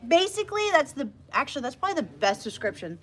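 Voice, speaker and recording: A woman hosting a casual livestream as media director, chatty and animated, often laughing. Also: high-pitched, fast. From Texas.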